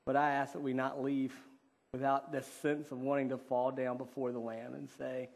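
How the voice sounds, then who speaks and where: A man's voice: medium pitch, little pitch movement, vocal fry, darkish tone. Earnest man preaching a sermon. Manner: earnest, conversational preaching with fillers; slow, deliberate scripture reading. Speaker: pastor.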